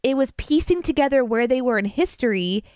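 A woman chatting casually as a co-host about a movie, animated and full of restarts. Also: high voice, fairly quick, no room sound, studio quality. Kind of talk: casual chat.

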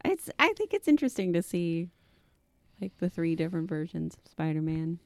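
A soft-spoken woman on a casual movie podcast, answering mostly in short bits. Her voice is low with a gravelly fry. The sound is dry and close. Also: big pitch swings, moderate pace, dry recording. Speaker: podcast co-host.

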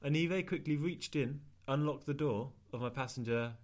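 A man's voice: mid-range voice, brisk. Dry, self-mocking man. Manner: dry, self-mocking, laughing at his own story. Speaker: podcast co-host. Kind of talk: casual chat, storytelling.

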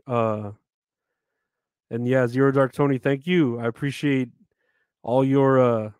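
A man's voice: medium pitch, a little mellow, smooth, no echo. A man chatting casually on a live stream, rambling, swearing often and reading out names from the chat.

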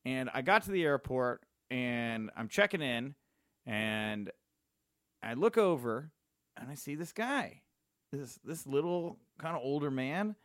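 A man hosting a podcast, telling a story in a casual, excitable way and laughing often. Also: mid-range voice, unhurried, no echo, studio quality. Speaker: podcast host.

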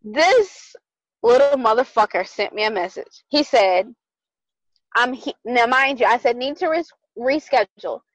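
A young adult woman co-hosting a podcast, telling a dating story in casual chat, animated and profane, acting out both sides. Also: fairly high pitch, unhurried, dry recording, poor audio. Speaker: podcast co-host.

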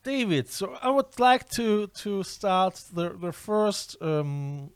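A man hosts a casual interview in English, halting and repeating words as he searches for what to say. His voice is fairly high for a man, and the sound is dry and close-miked. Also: smooth, no room sound. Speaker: host.

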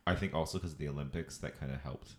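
Canadian guy, really low voice, laid back chatty storytelling, laughs a lot, roomy echo. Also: rapid-fire. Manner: laughs often, relaxed storytelling with filler words. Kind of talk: casual chat. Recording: echoey room.

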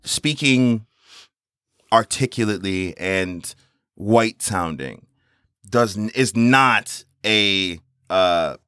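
A man co-hosting a casual chat, animated and swearing freely, speeding up when he gets worked up. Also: fairly low pitch, drawn-out words, clean tone, dry recording, studio quality.

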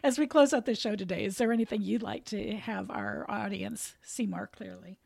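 A woman hosting a faith podcast interview, speaking in an affirming, measured way. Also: medium pitch, creaky, a little mellow, breathy edge, no echo. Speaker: podcast host.

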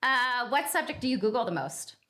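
A woman hosting a podcast interview, chatting like an excited fan, then reading her outro. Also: on the high side, brisk. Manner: gushing, enthusiastic fan. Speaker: podcast host. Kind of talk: casual interview and scripted outro.

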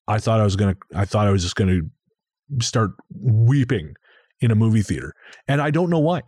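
Low-voiced podcast guy, dry close mic, keeps restarting his sentences. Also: darkish tone, dry recording. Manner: halting, with restarts and self-corrections. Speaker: podcast co-host. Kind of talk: casual chat.

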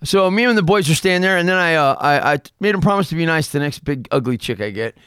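A man's voice: on the high side, lively intonation, fast, fairly bright tone, smooth, dry recording, clean studio sound. A man telling boastful, crude stories in a rowdy podcast chat, saying "dude" a lot. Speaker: guest storyteller.

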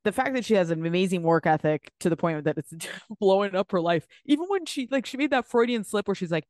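A woman's voice: mid-range voice, animated, brisk, darkish tone, no room sound, studio quality. A woman co-hosting a podcast, chatting casually and bluntly about a reality show with sarcastic asides and swearing. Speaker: podcast co-host.

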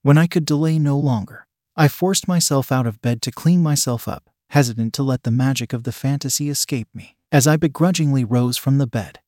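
A man with a mid-range voice narrates a scripted erotic story, slow, even and intimate. The recording is dry and close-miked, with no room echo. His pitch sits at an ordinary middle level.

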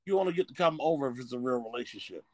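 A man's voice: mid-range voice, racing, no room sound. A man co-hosting a podcast, talking bluntly in a casual, profane way. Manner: blunt, profane, animated storytelling. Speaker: podcast co-host.

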